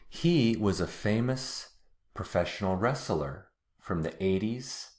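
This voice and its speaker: A man teaching English pronunciation, patiently repeating words slowly and clearly. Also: lowish voice, animated, darkish tone. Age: adult, watched TV as a kid in the 80s-90s. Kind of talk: slow, deliberate pronunciation lesson.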